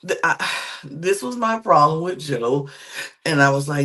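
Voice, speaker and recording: A woman co-hosting a podcast, casually recapping a TV episode, quoting the people in it in quick acted asides and giving emphatic, exasperated opinions. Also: sits low, expressive, fairly bright tone. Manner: chatty, quotes contestants in quick acted asides. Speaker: podcast co-host.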